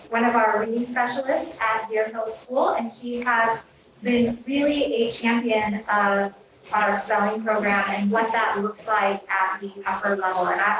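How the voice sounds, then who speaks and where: A woman formally introduces a teacher and her students at a meeting, in a measured way. She is far from the mic, in a room that echoes heavily. Clear background noise runs under her voice. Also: on the high side. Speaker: school administrator introducing a lesson. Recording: very echoey, distant, noisy room.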